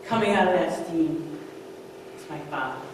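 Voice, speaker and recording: A woman in her fifties performing a true story live, dropping to near-hushed tones and then rising to emphatic peaks. Her voice rolls through a big, reverberant hall, picked up from far away, with faint room noise behind. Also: low-pitched, moderate pace. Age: 50s. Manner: animated, swings from hushed to emphatic. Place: stage in a large hall. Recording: echoey hall, far-off mic.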